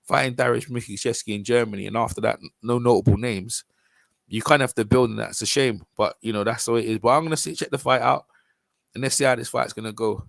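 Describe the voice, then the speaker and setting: A man's voice: medium pitch, fairly even intonation, quick pace, vocal fry, dry recording. A man with a London accent hosting a boxing channel, talking casually and rambling over a fight video. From London, England. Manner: rambling, informal, with frequent restarts and fillers.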